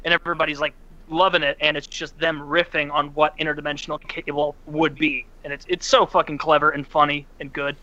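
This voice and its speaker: A man with a sharp, bright voice, a little higher than most, chats with enthusiasm. The sound is dry and close, with a dull lo-fi quality. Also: little pitch movement, brisk, no room sound. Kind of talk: casual chat.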